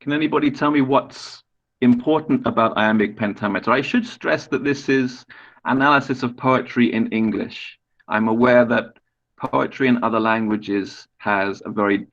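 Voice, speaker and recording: A man's voice: fairly low pitch, dull audio. Patient male poetry lecturer on a video call. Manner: patient, explanatory, with restarts and questions to students. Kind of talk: online webinar lecture.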